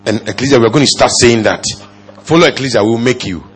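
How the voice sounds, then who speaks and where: A male pastor preaching a sermon, firing off rhetorical questions and swinging from low murmurs to loud exclamations. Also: fast talker, breathy edge.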